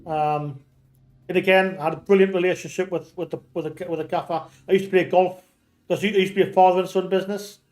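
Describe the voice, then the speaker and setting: A man's voice: high-pitched, fairly even intonation, fast, a little mellow. A man with a Geordie accent, chatting casually while streaming a game, telling rambling stories full of restarts and swearing. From North East England. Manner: rambling storyteller, many restarts, swears freely. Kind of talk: casual chat while gaming.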